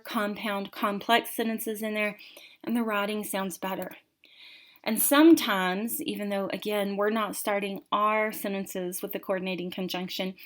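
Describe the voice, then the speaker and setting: A woman in her twenties or thirties delivers a recorded college writing lecture in a mid-range voice. She reads sample passages aloud with expressive rhythm and emphasis.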